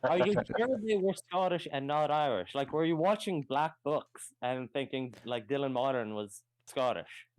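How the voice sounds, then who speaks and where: A man playing at a tabletop game, asking quick joking questions. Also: mid-range voice, no room sound. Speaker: player. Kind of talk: casual chat.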